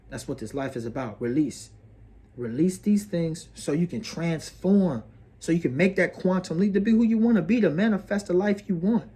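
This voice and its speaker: This man's voice is fairly high and mellow. Hosting an astrology video, he gives an earnest, preachy motivational monologue, repeating phrases and calling the listener bro and sis.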